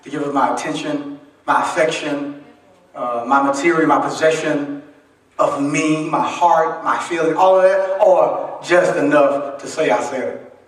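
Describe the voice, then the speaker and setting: Man, pastor, somewhat high voice, folksy call-and-response sermon, booming church echo, mic well off. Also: measured pace. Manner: call-and-response preaching, asks the congregation to finish his lines; folksy, humorous, conversational delivery. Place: church sanctuary. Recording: echoey church from a distant mic.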